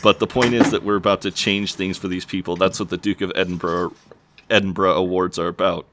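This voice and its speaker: A man in his thirties, casually retelling show scenes as a podcast co-host, slipping into quick character voices and laughing. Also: low voice, fairly even intonation, very noisy. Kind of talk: casual recap chat.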